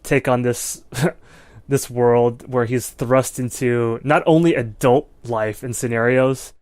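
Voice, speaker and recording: A man with a medium-pitched, darkish, steady voice speaks slowly on a dry, studio-quality recording. As co-host of a casual movie review podcast, he rambles in long, loose stretches packed with "like" and "you know."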